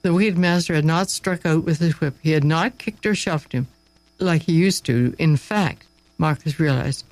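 A man narrating a story aloud, expressive and dramatic, with slow pauses for effect. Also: on the high side, no room sound, low-quality recording.

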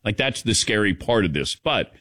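A man's voice: lowish voice, sing-song, moderate pace, bright, forceful tone, dry recording. An older man hosting a sports talk show. He talks in a loose, conversational way, moving from game talk into sponsor reads. The sound is dry and close. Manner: conversational, easygoing, reads ad copy between chat. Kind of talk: casual sports radio talk.

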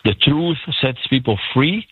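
A man's voice: mid-range voice, animated, measured pace, a little hiss or hum. A man with a Lebanese accent speaking earnestly as a guest on a radio program, preaching and acting out quotes. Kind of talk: radio call-in guest testimony. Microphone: phone call. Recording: tinny phone line, dry.

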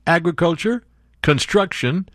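A man hosting a talk radio show in a studio, animated and joking, laughing easily. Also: a little high, unhurried, no echo. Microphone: studio mic.

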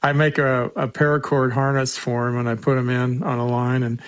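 A man's voice: mid-range voice, level tone, fairly quick, no room sound. A man who handles a search and rescue otter, telling stories in a folksy, joking way with a lot of restarts. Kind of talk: casual interview storytelling.

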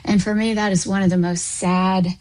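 A woman's voice: medium pitch, flat delivery, moderate pace, darkish tone, rough recording. A woman, a counselor and coach, giving a thoughtful explanation in an interview. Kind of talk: interview answer.

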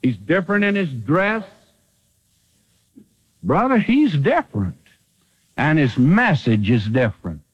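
A man preaching in a lively sermon voice that climbs and drops all over his range. He moves from ringing declarations to quiet, low asides. The sound is dull and muffled, like an old radio broadcast. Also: unhurried, pauses often, breathy edge. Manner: dramatic, swings from loud to hushed.

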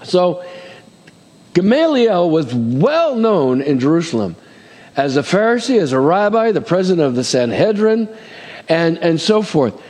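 A man preaches with a notably high voice, folding casual asides into his sermon and checking in with "amen?". His words ring out with the long reverb of a large hall. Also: sing-song, unhurried, a little mellow. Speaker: pastor.

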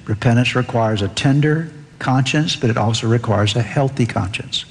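A man delivers an earnest sermon from the pulpit, his voice at an ordinary middle pitch. He lifts it higher when he reads scripture aloud. A long hall reverb trails every phrase, as if he is in a church sanctuary. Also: vocal fry, husky. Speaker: pastor.

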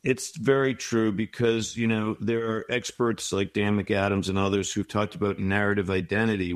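A middle-aged man speaks in a low, even voice, offering reflective and encouraging advice. He talks as an interview guest and often slips into short anecdotes. The recording is close and dry, with no room sound. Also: dry recording. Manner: reflective, encouraging, tells stories.

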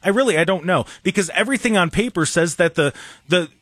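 A man rants about sports with heavy sarcasm, his voice swinging up high and down low as he talks. His pitch sits fairly high for a man. The sound is close and dry, with no room echo. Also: fast talker, slightly rough. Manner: animated and sarcastic, mocking others in put-on voices. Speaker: sports radio host. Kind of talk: opinionated sports rant.

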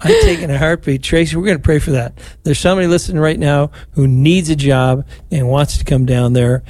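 An older man, a priest, leading a rosary on air and talking with callers in a warm, chatty, consoling way. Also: fairly high pitch, fairly quick, no room sound. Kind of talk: live rosary broadcast with callers.

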